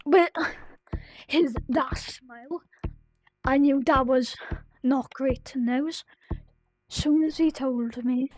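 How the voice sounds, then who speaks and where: A woman talking to her viewers in a personal vlog, grieving and close to tears, in a sad voice that halts, restarts and slips into soft whispers. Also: high voice, no room sound, low-quality recording. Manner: halting, full of restarts and fillers, drifting into soft whispers. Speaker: vlogger.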